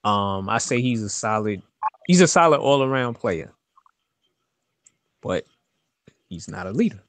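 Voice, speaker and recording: A man's voice: on the low side, very animated, unhurried, no room sound. A man co-hosting a casual sports talk show, mostly agreeing and backing up his partner. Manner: agreeable, backs up the other host with short replies. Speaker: podcast co-host.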